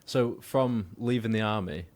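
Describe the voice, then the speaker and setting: A man's voice: lowish voice, unhurried, a little mellow. A young adult man hosting a podcast, asking short questions and reacting to his guest. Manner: brief prompting questions and reactions. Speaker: podcast host. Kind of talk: interviewing.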